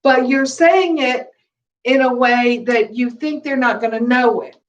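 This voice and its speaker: A woman with a high voice teaches meditation in a gentle, conversational way, stopping to rephrase now and then. She sits somewhat back from the microphone, so her voice sounds a little distant. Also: a little slow, dull audio. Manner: gentle, conversational, with soft laughs and restarts.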